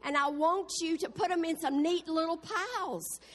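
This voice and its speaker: A woman's voice: very high voice, normal speed, a bit bright. A woman doing a fussy rooster who must keep order. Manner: orderly, fretting, insistent. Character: fussy controlling male rooster in charge. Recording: echoey hall.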